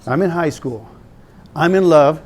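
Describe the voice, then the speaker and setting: Animated joking pastor, man in his fifties. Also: fairly high pitch, a little slow. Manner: animated, joking, conversational storytelling. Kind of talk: preaching to young people.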